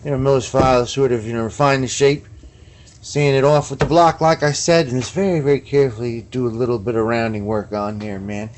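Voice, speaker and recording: Here the guitar builder's voice is mid-range, steady and a little mellow, and he talks a little fast as he displays guitar parts in his casual workshop vlog. Slight background noise sits under his rambling, slang-heavy chatter, which he dots with "man" and "you know what I mean."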